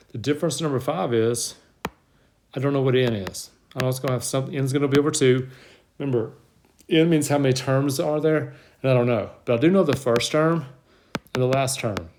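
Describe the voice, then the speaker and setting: A man's voice: medium pitch, fairly quick, darkish tone. Man, math teacher, out of breath, step-by-step explaining, faint background noise. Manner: plain step-by-step explaining, talks himself through the work. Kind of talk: whiteboard math lesson. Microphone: tablet mic.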